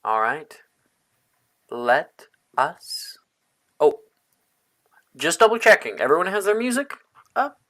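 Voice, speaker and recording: Laughing, chatty game master setting up an online tabletop session, mid-pitched. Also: very animated, takes it slowly, long pauses, fairly bright tone. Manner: chatty, laughing, self-interrupting. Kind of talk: casual chat running a tabletop game.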